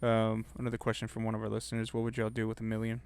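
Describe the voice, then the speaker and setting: A young man co-hosting a casual podcast chat, talking in a relaxed, laid-back way and swearing casually. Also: lowish voice, racing, creaky, clean tone. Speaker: podcast co-host.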